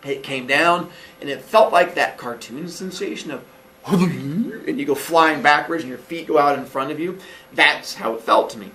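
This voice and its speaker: A man in his forties telling a childhood story casually, animated and laughing often, acting out quotes in a high voice. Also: moderate pace, recorded from a distance, a little hiss or hum. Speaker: podcast host.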